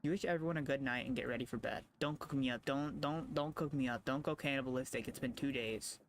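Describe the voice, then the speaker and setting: A male streamer reading a story game's text aloud and reacting with quick asides. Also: medium pitch, slight background noise. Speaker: game streamer.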